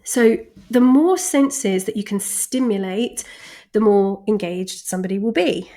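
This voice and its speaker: A woman's voice: medium pitch, unhurried, warm tone. Woman, communication coach, chatty, laughs often, leans on key words. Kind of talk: recorded lesson.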